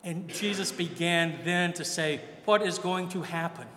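Slow high-voiced man preaching in an echoey church. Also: fairly bright tone, slight background noise. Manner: conversational preaching, acts out quoted voices. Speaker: priest. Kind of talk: sermon.

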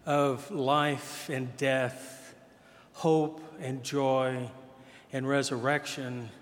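A man preaching a sermon as pastor, telling the gospel story conversationally and acting out the quoted voices. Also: medium pitch. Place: church. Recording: long hall reverb.

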